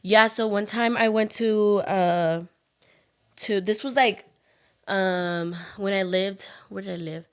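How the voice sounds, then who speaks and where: Young woman telling an animated story. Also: mid-range voice, slow, clean tone. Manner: animated storyteller, many "like" fillers, acts out quoted voices. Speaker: podcast co-host. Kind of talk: casual chat, storytelling.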